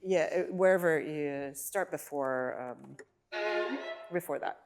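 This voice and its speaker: A woman with a low voice and slow pace teaches a violin masterclass, coaching a student with short, encouraging cues and singing phrases to demonstrate. She talks over live playing, with loud violin and piano behind her.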